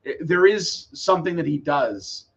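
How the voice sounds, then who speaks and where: A man's voice: a little high, animated, a little slow, gravelly, lo-fi sound. A man co-hosting a podcast, chatting casually. He talks hesitantly and agreeably, with frequent restarts. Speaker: podcast co-host. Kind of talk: casual chat.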